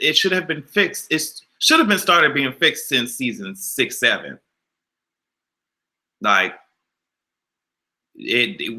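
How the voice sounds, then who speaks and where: A man hosting a casual livestream, animated and exasperated, swearing freely and answering his chat. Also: fairly high pitch. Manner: animated, exasperated, profane, talks back to chat. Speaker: YouTube livestream host.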